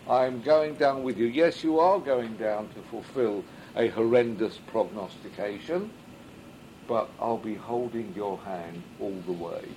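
A man's voice: mid-range voice, a little slow, darkish tone, a little hiss or hum, poor audio. A man teaching a Midrash class as a rabbi, reading Hebrew and then translating it, and asking rhetorical questions that he answers himself. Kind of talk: Midrash study lesson.

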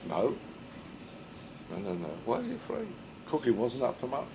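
A man's voice: medium pitch, huge pitch swings, normal speed, vocal fry, background noise. A man teaching a Midrash class as a rabbi, reading Hebrew and then translating it, and asking rhetorical questions that he answers himself. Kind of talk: Midrash study lesson.

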